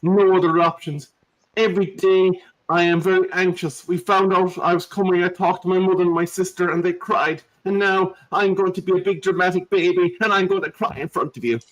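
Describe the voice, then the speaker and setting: A man's voice: high voice, fairly even intonation, brisk, fairly bright tone, voice pushed up, poor audio. A man putting on the voice of a weepy, melodramatic male footballer, whiny and self-pitying. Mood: mock sobbing.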